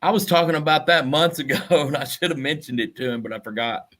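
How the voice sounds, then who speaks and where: A man chatting casually on a livestream, halting and full of fillers. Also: fairly high pitch, a bit bright. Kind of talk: casual chat.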